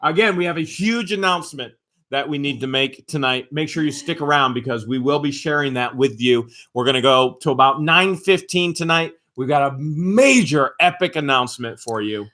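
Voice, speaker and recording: A man's voice: a little high, lively intonation, moderate pace, bright, forceful tone. A man co-hosting a casual livestream, upbeat and playful as he hypes an announcement. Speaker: co-host of a livestream. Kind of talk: casual live-stream chat.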